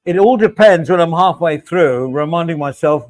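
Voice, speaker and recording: A middle-aged man hosts a live chat stream, talking in a loose, joking way and teasing viewers by name. His voice sits a little high and sounds close and dry, with faint music underneath. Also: lively intonation, moderate pace, no echo, rough recording. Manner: chatty, jokey, addresses viewers by name. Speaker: livestream host reading chat.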